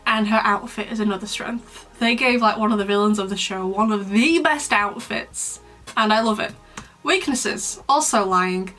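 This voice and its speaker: A woman's voice: mid-range voice, normal speed, pushed and bright, soft background music. A young woman hosting a casual commentary vlog, chatty and dramatic with a playfully mean streak. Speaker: YouTuber, host.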